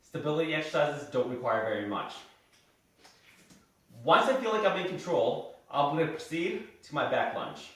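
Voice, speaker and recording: A man's voice: on the high side, lively intonation, moderate pace. A man as a fitness trainer, explaining each exercise step by step while he demonstrates it in a gym. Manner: instructive, explains while doing the moves. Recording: very echoey room heard from a distance.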